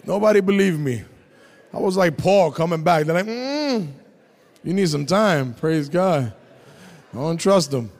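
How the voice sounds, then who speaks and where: Animated preacher man, echoey hall. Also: fairly high pitch, unhurried. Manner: animated storytelling, shouting at peaks. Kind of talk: testimony sermon.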